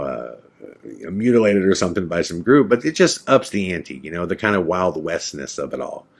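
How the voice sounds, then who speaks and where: A man hosting a podcast, telling a personal story in a casual way and acting out his own past lines. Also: low-pitched.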